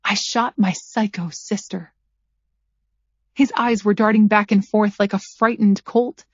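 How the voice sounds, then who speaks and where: A woman narrating a first-person thriller audiobook at a measured pace, her character's lines dryly sarcastic. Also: medium pitch, a little mellow, dry recording. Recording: dull lo-fi dry recording.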